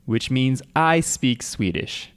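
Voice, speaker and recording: A man's voice: mid-range voice, animated, takes it slowly. A man hosting a casual podcast chat, dry and self-deprecating, often laughing. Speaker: podcast host.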